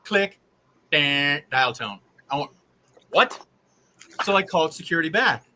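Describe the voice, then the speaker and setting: Animated, bright-voiced man telling a story. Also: on the high side, moderate pace, a little hiss or hum, low-quality recording. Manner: rambling, exasperated, animated retelling. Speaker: live stream host. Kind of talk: casual storytelling to live viewers.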